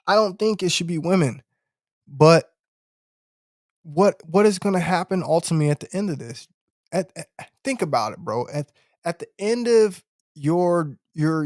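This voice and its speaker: Guy ranting on his podcast stream, blunt and preachy, kinda high voice, dry sound. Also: no echo. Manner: blunt, preachy, swears, repeats "bro, okay?". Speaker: podcast host. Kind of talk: live-stream podcast monologue.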